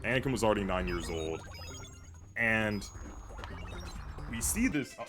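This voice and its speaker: A man's voice: lowish voice, expressive, unhurried. Rambling young man over game music. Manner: rambling, filler-heavy chatter. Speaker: streamer. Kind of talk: casual gameplay commentary. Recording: music playing behind.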